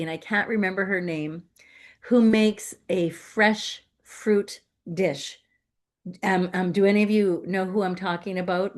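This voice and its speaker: A woman giving a playful, emphatic inspirational sermon as a guest speaker, laughing often. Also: mid-range voice. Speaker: guest speaker at a spiritual center.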